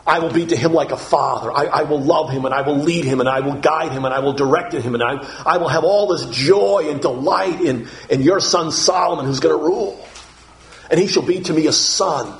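A man delivers a sermon in an earnest voice pitched a little above the usual for men. He often restarts and repeats his words, and he slows right down to stress key phrases. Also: creaky, slight background noise. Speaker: preacher.

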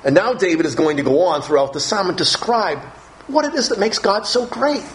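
A man's voice: sits high, animated, brisk, a little hiss or hum, low-quality recording. A male pastor preaching a Bible-teaching sermon, reading verses aloud and stressing key phrases with strong emphasis.

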